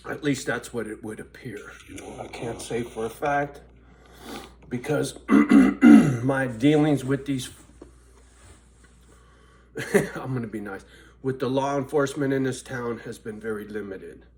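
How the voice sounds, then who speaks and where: A man's voice: mid-range voice, normal speed, slight background noise. Rambling, foul-mouthed man telling a story. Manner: rambling, swears constantly, laughs at himself. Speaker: vlogger. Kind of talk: casual profane storytelling.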